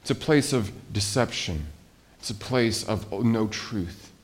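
A male pastor preaching a conversational sermon, lively and animated, asking the congregation rhetorical questions. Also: fairly low pitch, measured pace.

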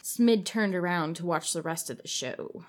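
A woman's voice: on the low side, lively intonation, normal speed. A woman co-host reads a gory story aloud in a loose, casual way. She giggles often and stumbles over words, then corrects herself and keeps going. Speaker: podcast co-host.

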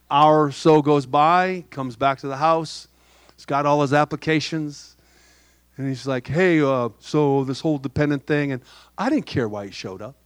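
Middle-aged male pastor, light higher voice, soft-spoken sermon storyteller, dry sound. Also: normal speed, clear, resonant tone, no room sound. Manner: storytelling with humor and quoted dialogue.

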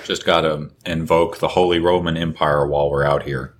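A man's voice: extremely low pitch, flat delivery, normal speed, slight background noise. A man co-hosting a podcast in casual chat, asking probing questions with a wry, sardonic edge. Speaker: podcast co-host.

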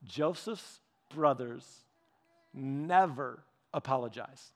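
A man preaching a sermon, retelling scripture in a conversational, animated way, acting out quotes and dropping soft and slow when he reads verses. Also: medium pitch. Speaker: pastor.

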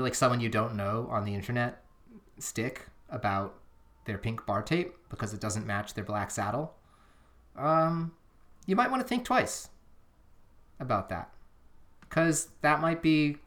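A podcast co-host in casual chat, rambling and earnest, often restarting sentences and sometimes drifting off the microphone. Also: mid-range voice. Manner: rambling, self-interrupting, earnest. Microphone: drifting off the microphone at times.

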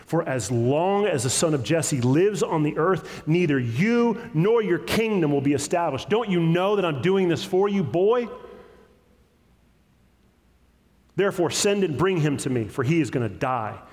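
A man reading out the lines of a jealous, enraged ancient king berating his son, his voice climbing higher and louder. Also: animated, normal speed, hardly any pauses, big-room sound, close to an everyday voice. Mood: furious. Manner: pitch rising to a loud shout.

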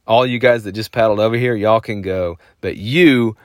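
Man playing a firm male park ranger, matter-of-fact, low voice. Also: fairly even intonation, moderate pace, no echo, studio quality, natural voice. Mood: stern.

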